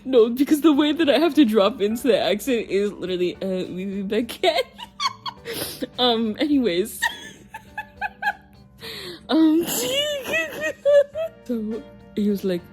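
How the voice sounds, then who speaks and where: A woman in her twenties telling stories to her vlog audience in an animated, chatty way, peppering her talk with "like" and "right?". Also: high voice, slow pace, long pauses, faint music behind. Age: 20s. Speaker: vlogger. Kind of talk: casual storytelling vlog.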